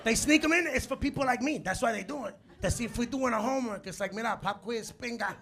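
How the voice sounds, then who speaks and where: A man in his forties doing a stand-up comedy set on a club stage, telling animated stories, acting out quotes and working the crowd. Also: extremely high pitch, fast, very noisy. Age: 40s. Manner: animated storytelling, acts out quotes, works the crowd. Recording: live club recording with loud crowd laughter. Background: audience laughter.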